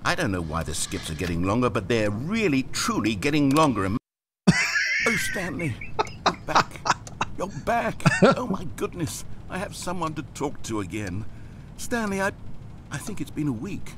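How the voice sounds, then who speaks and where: A man's voice: mid-range voice, huge pitch swings, moderate pace, background noise. An actor voicing a pompous, wry male narrator in a video game, speaking in a dry, theatrical, wordy way. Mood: relieved.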